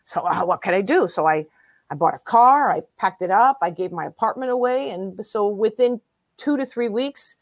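A woman in her sixties, a guest in an interview, telling her story in a lively way and acting out what other people said. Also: medium pitch, moderate pace, no room sound. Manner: lively storyteller who acts out quoted voices.

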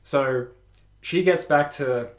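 A young man telling a story in casual podcast chat, animated and laughing, with many restarts. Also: mid-range voice, a little fast. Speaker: podcast co-host. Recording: echoey room.

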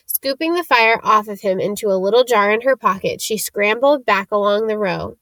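A woman reading a novel chapter aloud in a steady storytelling manner. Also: medium pitch, normal speed, no room sound. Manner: steady storytelling, shifting into character voices. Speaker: audiobook reader.

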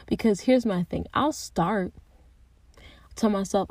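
A young woman speaking candidly and earnestly about her faith, thinking aloud with restarts and soft asides. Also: medium pitch, slow pace, dry recording. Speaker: Christian speaker sharing personal reflections. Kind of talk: candid personal reflection.

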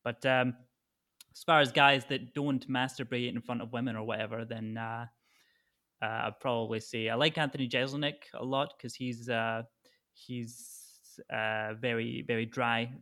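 A man's voice: mid-range voice, level tone, moderate pace, bright, forceful tone. A Scottish man, a stand-up comedian, answering interview questions in casual chat, with many fillers and restarts. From Scotland. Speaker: stand-up comedian, podcast guest.

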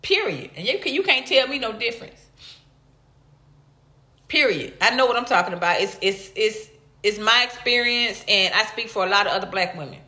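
A woman hosting a casual live stream, talking to viewers and breaking off to greet them in high, excited bursts. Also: normal speed, echoey room.

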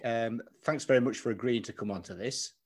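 Husky-voiced man hosting a podcast. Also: mid-range voice, brisk. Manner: chatty, laughing, banters with guest. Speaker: podcast host. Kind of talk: casual podcast interview. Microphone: video call.

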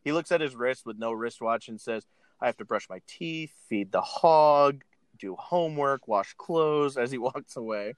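A man's voice: mid-range voice, normal speed, clear, resonant tone, no room sound. A man casually retelling a film scene by scene, laughing often and acting out the characters' lines. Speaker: podcast co-host recapping a film. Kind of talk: casual chat.

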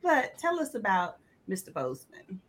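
Woman host, playful and emphatic, bright, forceful tone. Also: medium pitch, huge pitch swings, normal speed. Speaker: podcast host. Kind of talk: casual podcast chat.

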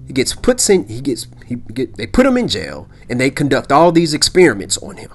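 A man's voice: medium pitch, huge pitch swings, brisk, breathy edge, faint music behind. Rambling male podcast host, emphatic. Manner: rambling, peppers lines with "okay?" and "all right?"; emphatic, repeats himself for effect. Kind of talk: casual solo podcast commentary.

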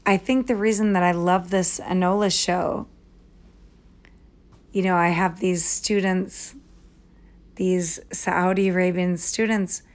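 Slow-talking rambling woman podcaster. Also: fairly low pitch. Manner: rambling, tangential, spontaneous. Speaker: podcast host and online English tutor. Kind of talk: rambling spoken-aloud voice memo. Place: home, Minnesota. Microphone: phone.

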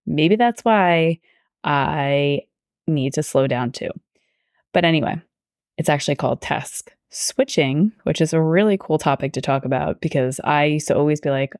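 A young adult woman, a teacher who hosts a personal faith podcast, speaks in a low-pitched, slightly mellow voice a little fast. She tells her story earnestly, drifting into tangents and quoting her own past thoughts aloud. The recording is studio quality, with no echo.

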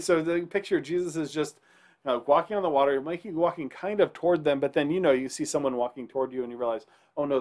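Man preaching a conversational sermon. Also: fairly high pitch. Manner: conversational preaching, frequent "right?" to the congregation. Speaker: pastor.

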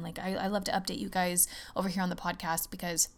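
A young woman hosting her own podcast, chatting casually and excitedly, talking fast and cursing often. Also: on the low side, creaky. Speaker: podcast host. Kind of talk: casual solo podcast chat.

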